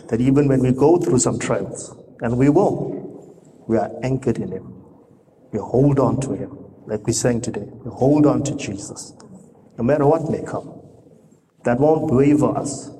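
A man preaches in a church hall with a long, ringing reverb. His voice is mellow and dark. A faint hiss of noise sits under his conversational sermon, which is full of questions to the congregation. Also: mid-range voice.

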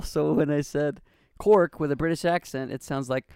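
A man's voice: a little high, steady tone, normal speed, mellow, clean tone, no room sound, studio quality. A man co-hosting a podcast over an online call, telling crude jokes and laughing at his own stories. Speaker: podcast co-host. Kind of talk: casual banter among friends.

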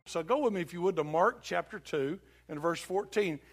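A man's voice: high-pitched, animated, moderate pace. A man preaching a sermon in a church, telling folksy stories and joking with the congregation. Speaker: pastor.

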